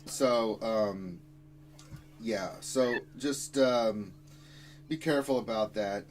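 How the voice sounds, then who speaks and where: A man's voice: fairly low pitch, slow, soft background music, rough recording. A man hosting a casual gaming stream, rambling and swearing with playful exasperation. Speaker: stream host.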